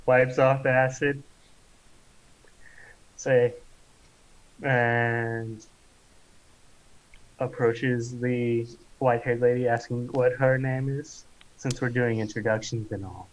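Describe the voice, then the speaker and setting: A man player in a tabletop role-play, laid-back and halting. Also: mid-range voice, level tone, highs cut off.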